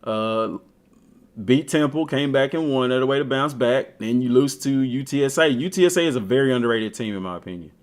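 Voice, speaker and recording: While streaming a game, a man chatters in casual slang and addresses his team head-on, staying animated throughout. He has a mid-range voice and a fairly quick pace.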